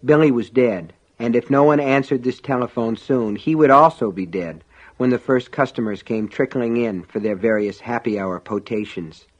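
A man narrating a novel in an even, measured reading. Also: medium pitch. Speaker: audiobook narrator. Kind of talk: scripted audiobook narration. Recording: dull lo-fi audio.

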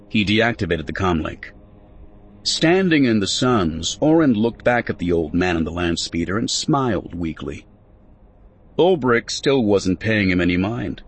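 A man narrating a story in an expressive, scripted audiobook reading. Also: fairly low pitch, unhurried, a little hiss or hum.

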